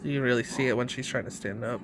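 A vlogger talking casually, softly reassuring a pet in hushed tones that slip into whispers. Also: mid-range voice, fast, noisy background. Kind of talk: casual vlog, soothing a pet.

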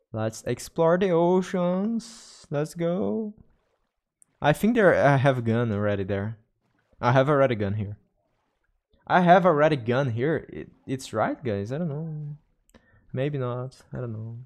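This is casual livestream chatter from a man playing a game and talking to his viewers in English with a Brazilian Portuguese accent. He keeps restarting and repeating himself, and his mid-range voice has a slightly mellow quality.

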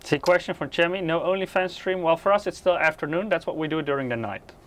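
A man co-hosting a casual livestream as the product expert, relaxed, reading out chat questions and answering them briefly. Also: a little high, quick pace.

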